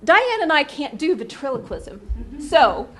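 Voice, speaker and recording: A woman teacher running a lively workshop, coaxing the audience into playful call-and-response. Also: high-pitched, measured pace.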